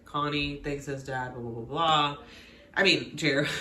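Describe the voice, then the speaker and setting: A woman hosting a casual TV recap, talking straight to her viewers in an animated, exclaiming way. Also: deep voice, unhurried. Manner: animated, exclaiming, talks to viewers as "girl" and "y'all". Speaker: recap channel host. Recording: echoey room.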